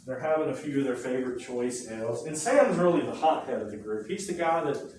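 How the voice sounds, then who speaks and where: A man teaching a history class, spinning the lesson as a lively story full of rhetorical questions and quick asides. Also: mid-range voice, a little hiss or hum. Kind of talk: classroom lecture. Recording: very echoey room, mic far off.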